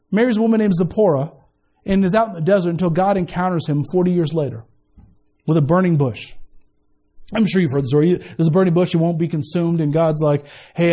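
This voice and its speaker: A man's voice: on the high side, mellow. A male pastor preaching a sermon in a conversational, joking way, often repeating words as he starts a sentence.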